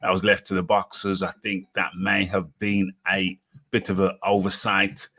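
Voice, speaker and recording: A man hosting a boxing talk show, speaking in a slow, halting way and often repeating himself. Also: deep voice, monotone, bright, forceful tone, husky. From United Kingdom. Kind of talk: casual boxing chat.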